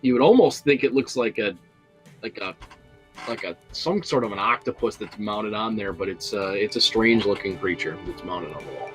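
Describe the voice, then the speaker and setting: A man's voice: lowish voice, animated, normal speed, faint music behind, rough recording. Hesitant male game master. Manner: rambling, hesitant, with many fillers. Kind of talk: narrating a tabletop game.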